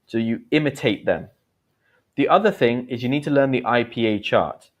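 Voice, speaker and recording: An animated male English teacher with a mid-range voice speaks at a moderate pace while hosting a livestream. He teaches, chats in an encouraging way and reads comments out loud.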